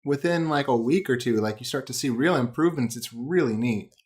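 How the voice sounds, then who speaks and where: A man's voice: medium pitch, fairly quick, husky. An American man from the United States co-hosting a podcast, talking playfully and animatedly with lots of "like". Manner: playful, animated, heavy use of "like". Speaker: podcast co-host. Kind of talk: casual podcast chat.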